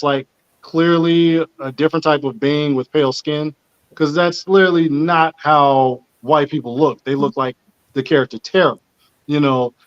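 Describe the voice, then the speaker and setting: A man hosting a casual panel discussion, speaking earnestly and with emphasis. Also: on the high side. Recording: muffled lo-fi audio.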